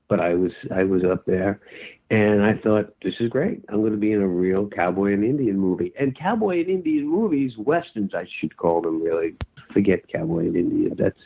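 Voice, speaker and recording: An older actor telling a lively anecdote in an interview, acting out his own shouting as he goes. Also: low-pitched, vocal fry, slightly rough. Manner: animated storyteller, acts out his own shouting. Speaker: actor guest. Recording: tinny phone-like line.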